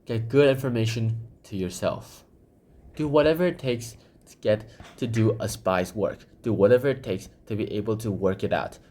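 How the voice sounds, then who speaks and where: A man's voice: fairly low pitch, moderate pace, a little mellow. A man hosting a book summary channel, talking casually in a rambling way with lots of fillers.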